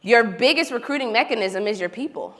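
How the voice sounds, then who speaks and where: Woman, lively keynote storyteller, forceful bright voice, hall echo. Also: on the high side, brisk. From Oklahoma. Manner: animated, storytelling, talks to the audience directly. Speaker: keynote speaker. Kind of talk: motivational keynote speech. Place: large hall. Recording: reverberant event hall.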